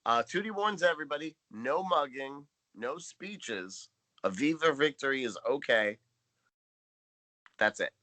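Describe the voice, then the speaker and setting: Man podcast co-host, casual chat, wry, bright voice with lively pitch. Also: measured pace.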